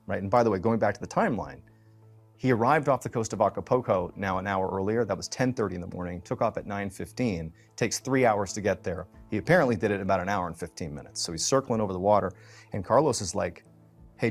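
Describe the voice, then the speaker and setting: A man's voice: fairly low pitch, slightly rough. A man telling a true mystery story in a loose, conversational way, full of fillers and restarts. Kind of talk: casual spoken storytelling.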